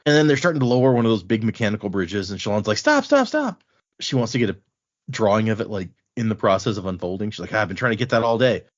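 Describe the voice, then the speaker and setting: A man hosting a casual podcast, retelling a book's chapters in an animated way and quoting the characters in a loose, conversational voice. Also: on the low side, rapid-fire. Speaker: podcast host recapping a book. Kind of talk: casual chat. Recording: dull lo-fi podcast audio.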